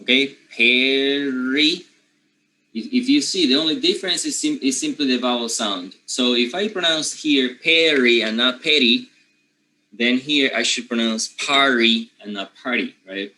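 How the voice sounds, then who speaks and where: A man from Panama with a Panamanian accent, a native Spanish speaker teaching English pronunciation, who often clears his throat and keeps checking in with his students. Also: mid-range voice, normal speed, bright, forceful tone, poor audio. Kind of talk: pronunciation lesson.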